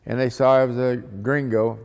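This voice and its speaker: A man's voice: mid-range voice, little pitch movement, normal speed, darkish tone, smooth. A man, a missionary, telling a testimony story in a folksy, dramatic way. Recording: long hall reverb.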